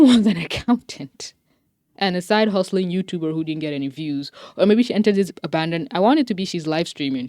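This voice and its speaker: Young woman doing a chatty show review, kinda low voice, super dry close sound, laughs a lot. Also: dry recording. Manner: animated, laughing, swearing, slangy asides. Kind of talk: casual commentary.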